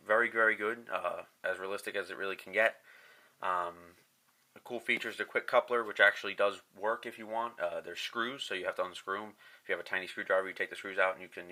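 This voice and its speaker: A man's voice: sits low, bright, forceful tone. A man with a stuffed-up, congested voice casually reviewing a scale model. He rambles and halts, restarting his sentences. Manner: rambling, halting with many restarts.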